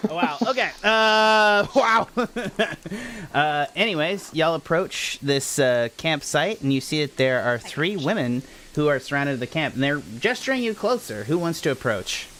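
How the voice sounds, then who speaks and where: A man's voice: a little high, lively intonation, moderate pace, hardly any pauses, a bit bright. Guy game mastering a stream, chatty and rambly, keeps apologizing and restarting, bit of faint hiss behind him. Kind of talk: casual live-stream game narration.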